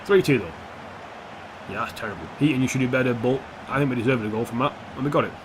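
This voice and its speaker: A young man commentating his own football video game, sweary and excitable, dropping to mutters and jumping to shouts. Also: medium pitch, quick pace, noisy background. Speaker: gaming YouTuber. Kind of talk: gameplay commentary.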